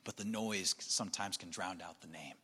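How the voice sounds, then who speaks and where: Male pastor, sermon, bright tone, long reverb tail, whisper-soft to emphatic delivery. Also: low-pitched, normal speed, breathy edge. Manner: shifts between soft near-whispers and emphatic raised passages.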